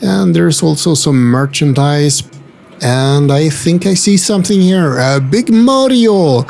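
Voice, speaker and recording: A man with a gravelly edge to his voice narrates at a relaxed, unhurried pace while walking through a retro game store. He talks in a chatty way, slipping in wry asides and gentle jokes as he films on a handheld camera. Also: on the high side, a little hiss or hum. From Sweden. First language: Swedish. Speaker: travel vlogger and host. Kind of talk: casual walking-tour narration. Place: indoor multi-floor retro game store.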